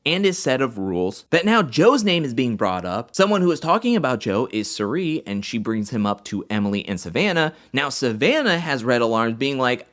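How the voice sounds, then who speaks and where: A man hosting an animated episode recap, telling the story in a casual way and acting out the quotes. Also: mid-range voice, moderate pace, few pauses. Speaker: recap host.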